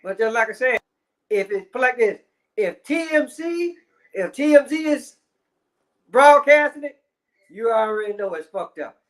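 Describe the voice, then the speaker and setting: A man's voice: very high-pitched, lively intonation, a little slow, pauses often, fairly bright tone. A man ranting in casual commentary, heavy on swearing and repeated fillers. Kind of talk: profane rant.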